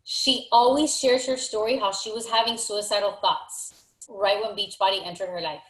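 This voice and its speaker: A woman's voice: mid-range voice, fairly even intonation, normal speed, roomy sound, rough recording. A woman leading a motivational team call, emphatic and encouraging, often repeating her phrases. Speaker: team leader.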